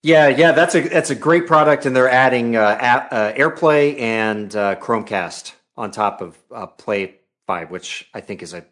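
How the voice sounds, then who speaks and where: A relaxed man chatting casually as host. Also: mid-range voice, moderate pace, hardly any pauses. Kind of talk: casual chat.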